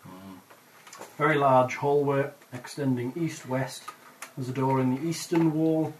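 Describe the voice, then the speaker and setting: A man's voice: medium pitch, measured pace, recorded from a distance, a little hiss or hum, rough recording. A man narrating a tabletop game as game master, describing scenes with hesitant fillers.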